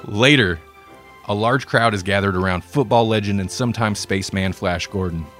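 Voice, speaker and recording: A man reading a comedic story aloud in a relaxed way, with dry asides. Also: on the low side, normal speed, soft background music. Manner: relaxed, self-deprecating asides.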